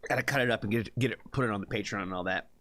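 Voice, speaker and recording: Bright-voiced American streamer man chatting. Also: lowish voice, rapid-fire. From United States. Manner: rambling, filler-heavy, chatty with viewers. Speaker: music reaction streamer. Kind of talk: casual live-stream chat.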